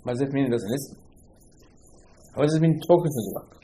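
A man teaches Torah as an animated storyteller. He acts out the quotes himself and keeps pressing rhetorical questions, with sudden emphatic bursts. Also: medium pitch, fast talker, a little hiss or hum, low-quality recording.

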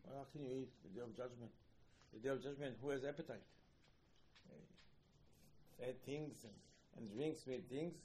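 A man giving an informal Torah talk as a rabbi, animated, repeating himself and acting out quoted lines, with non-native phrasing. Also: medium pitch, a little fast, slight background noise, rough recording. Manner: animated, repeats words, acts out quoted dialogue.

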